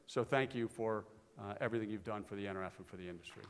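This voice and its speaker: A man's voice: on the low side, quick pace, heavy background noise. A middle-aged man speaking from a conference stage and giving an earnest tribute speech, telling an anecdote with growing animation. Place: conference stage in a large hall. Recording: reverberant hall.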